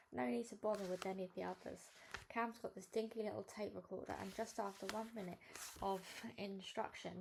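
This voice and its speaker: A woman reading a children's novel aloud, narrating in the first person with an expressive, cheeky tone. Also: mid-range voice, vocal fry. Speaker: storybook reader.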